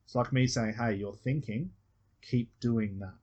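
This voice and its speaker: A man's voice: mid-range voice, measured pace, darkish tone, husky, muffled recording. A man with an Australian accent coaching a student one on one, patiently explaining step by step and acting out example phrases. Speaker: hypnosis coach.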